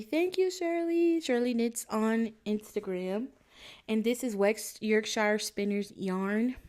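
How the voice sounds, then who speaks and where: A woman's voice: mid-range voice, a little mellow. Chatty young woman vlogging her crafts. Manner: chatty and candid, laughing often. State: a bit out of breath. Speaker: crochet vlogger. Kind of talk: casual chat.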